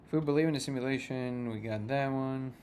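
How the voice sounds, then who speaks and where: Male livestream host, mid-pitched voice, jokey and loose, laughs a lot while riffing on chat comments. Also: fairly quick, a little mellow, a little hiss or hum. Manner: jokey, chuckles often between remarks. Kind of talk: casual live chat reading comments.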